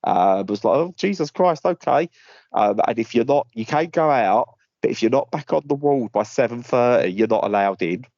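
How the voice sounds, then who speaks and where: A man co-hosting a podcast in casual chat, talking from a hospital room and rambling through animated stories. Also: mid-range voice, moderate pace, no room sound, lo-fi sound. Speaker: podcast co-host.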